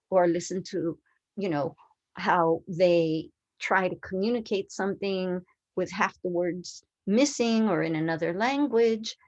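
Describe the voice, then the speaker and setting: A woman's voice: mid-range voice, a little slow, darkish tone. A woman in her sixties, whose first language was not English, giving an earnest conference presentation to educators and posing rhetorical questions. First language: a language other than English.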